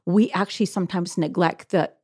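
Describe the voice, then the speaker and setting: A middle-aged woman with a lowish voice tells her story of faith earnestly as an interview guest, laughing often. The recording is dry and close. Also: fairly even intonation, brisk, darkish tone, dry recording. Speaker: guest author. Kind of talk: faith-based interview conversation.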